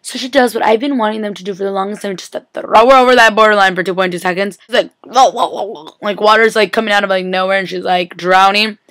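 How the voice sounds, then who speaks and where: A woman's voice: mid-range voice, quick pace, hardly any pauses, fairly bright tone, dry recording. A young woman vlogger rambles through a TV episode recap late at night, sleepy and giggly, saying "like" constantly, recorded on a laptop webcam. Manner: rambling, giggly, heavy use of "like". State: sleepy, filming at four a.m. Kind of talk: casual chatty recap. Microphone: laptop webcam mic.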